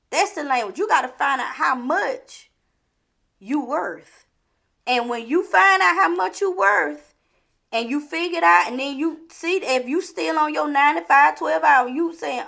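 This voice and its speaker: A woman vlogger giving a repetitive, preachy motivational talk full of rhetorical questions, sometimes dropping to a low, hushed voice. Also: a little slow, creaky.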